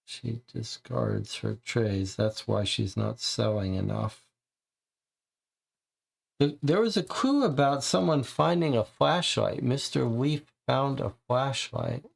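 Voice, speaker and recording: A man casually thinking aloud, in a hesitant, halting way, while playing a mystery game. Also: medium pitch, expressive, creaky, breathy edge. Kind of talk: casual let's-play commentary.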